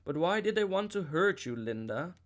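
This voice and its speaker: A man's voice: a little high, big pitch swings, normal speed. A man reading an audiobook and voicing a frightened young boy who pleads. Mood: pleading.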